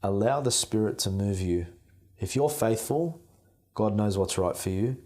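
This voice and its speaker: A young man, a seminarian, answering interview questions in an earnest, gentle way. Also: fairly low pitch, expressive, measured pace. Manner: earnest, gentle, repetitive phrasing.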